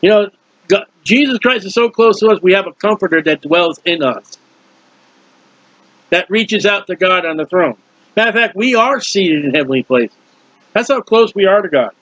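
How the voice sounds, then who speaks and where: A man preaching a verse-by-verse Bible teaching, animated and questioning his listeners. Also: high voice, moderate pace, no echo. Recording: dull lo-fi dry recording.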